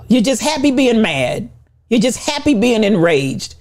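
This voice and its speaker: A woman giving an impassioned motivational talk, preaching with repetition and rising to shouts. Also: on the high side. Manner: preaching, repetitive, call-and-response. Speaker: motivational speaker.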